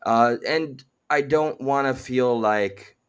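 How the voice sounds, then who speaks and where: A man hosts a casual conversation from his home. His voice sits in an ordinary middle pitch. He phrases things in a wordy, somewhat formal way and often restarts his sentences. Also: takes it slowly, smooth. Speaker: host. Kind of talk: casual chat.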